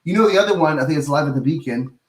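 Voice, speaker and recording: A man's voice: on the high side, lively intonation, racing, a loud crowd. A man co-hosting a podcast, telling stories in a loose, rambling, laid-back way. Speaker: podcast co-host. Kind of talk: casual chat. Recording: roomy echo.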